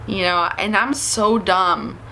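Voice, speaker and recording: A woman's voice: mid-range voice, steady tone, slow pace, sharp tone, slight background noise. A young woman telling a story in a casual, chatty vlog, switching into the voices of the people she quotes. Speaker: vlogger.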